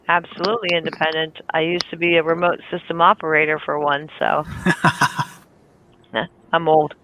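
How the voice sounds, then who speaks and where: A middle-aged woman with a raspy, warm voice, hosting a casual group voice chat and laughing often. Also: sits low, little pitch movement, a little fast, noisy background. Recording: tinny phone-like line.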